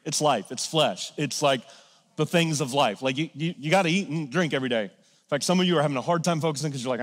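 A man preaching a sermon in a church, conversational and energetic, swinging from casual asides to loud emphatic peaks. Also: fairly high pitch, in a large hall. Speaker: pastor. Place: church sanctuary.

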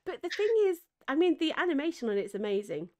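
A woman's voice: high-pitched, very animated, quick pace, darkish tone. A woman streaming a game, chatting casually, giggling often and reading chat aloud. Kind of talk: casual chat while gaming.

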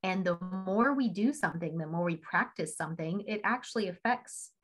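A woman's voice: lowish voice, lively intonation, fairly quick, soft background music, rough recording. A woman speaking on a team video call, telling a story in a chatty way and laughing often. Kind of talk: casual motivational talk.

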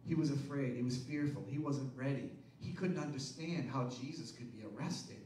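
A man preaching a sermon as pastor, asking the congregation rhetorical questions and building to loud, emphatic peaks. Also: mid-range voice, normal speed, reverberant, far from the mic, slight background noise, rough recording.

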